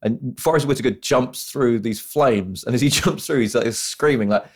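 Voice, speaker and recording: A man's voice: mid-range voice, moderate pace, husky. A man co-hosting a podcast, chatting casually about films and acting out scenes as he retells them. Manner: animated storytelling, acts out scenes in mock voices. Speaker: podcast co-host. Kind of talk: casual film-review chat.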